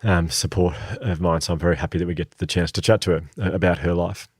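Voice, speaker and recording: Low, husky, fast-talking man. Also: steady tone, a little mellow, no echo. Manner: wry, self-deprecating banter. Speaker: podcast host and author. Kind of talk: casual chat.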